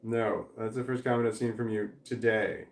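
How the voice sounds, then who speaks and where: A man's voice: on the low side, little pitch movement, normal speed. A middle-aged man chatting casually as he reads live chat comments, rambling, often restarting his sentences and swearing freely. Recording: echoey room with faint background noise.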